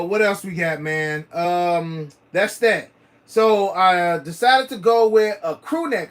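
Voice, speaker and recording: High-pitched and a bit bright, this man runs a livestream for his sneaker channel. His talk is relaxed and repetitive, peppered with slang and plenty of fillers.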